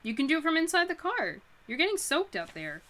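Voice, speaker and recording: A woman's voice: sits high, very animated, fairly quick, sharp tone, voice pushed up, exaggerated voice. A woman reading aloud, voicing a genteel, insistent middle-aged man who talks in a chatty, persuasive way. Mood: smooth. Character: overly polite, insistent middle-aged gentleman.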